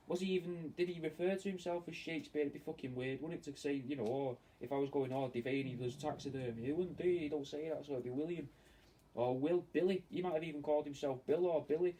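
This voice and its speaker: A fast-talking man with a slightly high, warm voice rambles casually, swearing freely while he works on a taxidermy piece for fans. He is recorded from a distance, with faint ambient noise.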